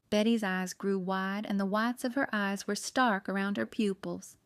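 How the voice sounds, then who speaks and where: A woman's voice: medium pitch, fairly even intonation, moderate pace, few pauses, clear, resonant tone, no echo, studio quality. A woman narrating a mystery audiobook expressively, giving each character a voice. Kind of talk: scripted narration.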